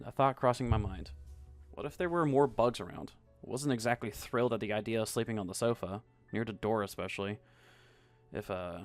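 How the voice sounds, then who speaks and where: A man narrating a scripted first-person story in a soft, even storytelling voice. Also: on the low side. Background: faint music.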